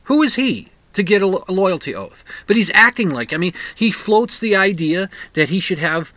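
A man's voice: sits high, very animated, moderate pace, sharp tone, dry recording. A man hosting a radio talk show, rambling through a casual monologue full of fillers and sudden heated rants, recorded in a comic book shop.

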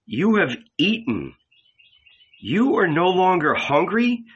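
A man reading a calm, grave teacher figure. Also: high-pitched, slow pace, breathy edge, lo-fi sound, voice pushed up, full character voice. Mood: solemn. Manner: quiet, grave, steady. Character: calm solemn male teacher bidding farewell.

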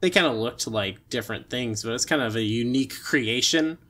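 A man's voice: medium pitch, a little fast, pushed and bright. Easygoing man in casual chat. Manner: easygoing, many fillers and short laughs. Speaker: podcast co-host.

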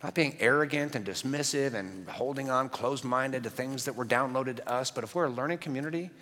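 A man's voice: medium pitch, brisk, a bit bright, long reverb tail. A man preaching a sermon as a pastor, earnest and conversational with touches of humor.

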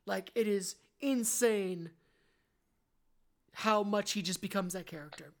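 A woman's voice: medium pitch, slow. A woman co-hosting a film podcast, talking in a thoughtful, candid way and often correcting herself mid-sentence. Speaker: podcast co-host. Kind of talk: casual film review chat.

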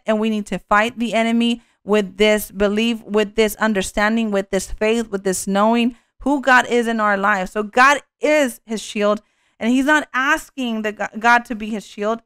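A woman's voice: on the high side, fairly bright tone, clean tone, no room sound, studio quality. A woman teaching a sermon on a scripture passage, earnest and peppered with "um" and "you know" fillers. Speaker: bible teacher.

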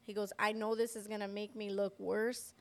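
A woman co-hosting a Christian podcast, telling a personal testimony in a lively way and acting out the voices of the people in her story. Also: medium pitch, moderate pace. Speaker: podcast co-host. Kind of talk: personal faith testimony in casual chat.

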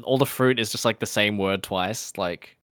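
Bright-voiced man chatting casually. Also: on the low side, normal speed, clear, resonant tone, no echo, clean studio sound. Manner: relaxed, laughs often, easygoing. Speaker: podcast co-host. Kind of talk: casual chat.

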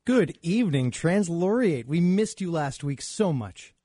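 A man's voice: a little high, sing-song, measured pace, mellow, no room sound, studio quality. Jokey late-night radio host, man. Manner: jokey, laughs often, reads out tweets.

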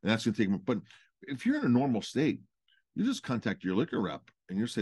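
A man with a medium-pitched, slightly rough voice talks fast, recorded with no room sound. He co-hosts a podcast about running restaurants and owns one himself, telling animated stories in a casual chat and repeating words for emphasis.

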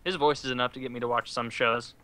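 A man in casual chat, excitable and swearing casually. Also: mid-range voice, fast, smooth.

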